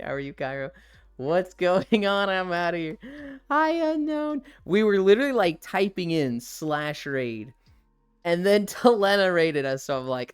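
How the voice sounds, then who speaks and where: A man's voice: high voice, expressive, slow, clean tone. A man chatting candidly on a live stream, swearing freely and laughing often. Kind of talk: casual live-stream chat.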